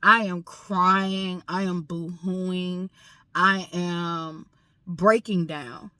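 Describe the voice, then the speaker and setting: A woman's voice: lowish voice, sharp tone, dry recording. A woman vlogging a personal story with raw emotion, swearing often and repeating herself for emphasis. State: emotional, grieving.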